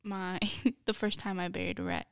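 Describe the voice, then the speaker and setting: A young woman co-hosting a casual podcast, telling stories in a giggly, animated way. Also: mid-range voice, normal speed, gravelly, smooth, dry recording, studio quality. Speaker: podcast co-host. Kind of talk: casual chat.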